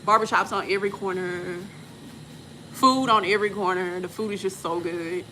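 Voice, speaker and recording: A woman's voice: mid-range voice, steady tone, moderate pace, sharp tone, a little hiss or hum. A woman in her forties from Texas, telling travel stories in casual, slangy chat and laughing often. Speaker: vlogger and respiratory therapist.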